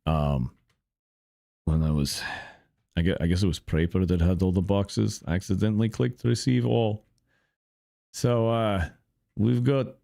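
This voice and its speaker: A man's voice: on the low side, fairly even intonation, measured pace, creaky, pauses often, dark tone, no room sound, studio quality. A young man hosting a gameplay channel, rambling through casual commentary with profane, frustrated grumbling. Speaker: gaming channel host.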